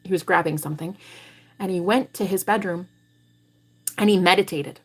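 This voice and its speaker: A woman's voice: lowish voice, moderate pace. Brash, swearing woman livestreamer. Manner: blunt, profane, animated storytelling. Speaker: tarot reader and livestream host. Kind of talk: livestream talk to viewers.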